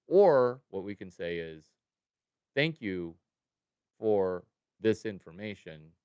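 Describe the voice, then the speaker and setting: A middle-aged man hosting a livestream and talking to his chat, jumping from low mumbles to loud excited outbursts. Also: slow, long pauses, smooth, no echo, highs cut off. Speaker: livestream host. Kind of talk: animated livestream talk to chat.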